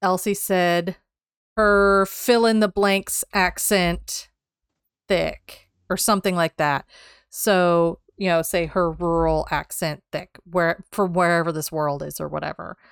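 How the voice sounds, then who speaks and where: A woman's voice: on the low side, fairly even intonation, takes it slowly, gravelly, smooth, dry recording, studio quality. A woman co-hosting a podcast, chatting casually about writing, laughing often as she goes over text. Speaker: podcast co-host.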